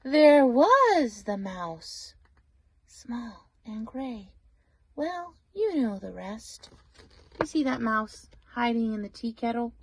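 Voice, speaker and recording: An older woman reading a picture book aloud, with animated delivery and whispered asides to the listener. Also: a little high, takes it slowly, slight background noise. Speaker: storybook reader.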